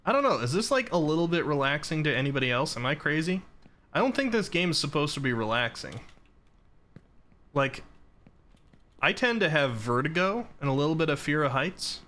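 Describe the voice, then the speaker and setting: A man from the Boston area in relaxed, casual chat with his live chat while playing a game. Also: a little high, fairly quick. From Boston area, Massachusetts. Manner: relaxed, chatty, reads out chat messages. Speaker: streamer.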